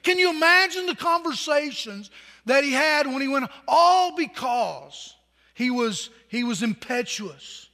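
A man's voice: extremely high pitch, animated, measured pace, pushed and bright, in a large hall. A man pastor preaching a sermon in a conversational way, asking the congregation questions.

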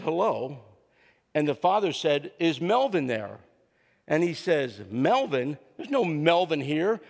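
An older man preaching a humorous sermon, telling stories and acting out what people said, with a joking, easygoing manner. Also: fairly high pitch. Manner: joking storyteller, acts out quotes. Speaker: guest preacher and counselor. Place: church sanctuary. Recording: long hall reverb in church.

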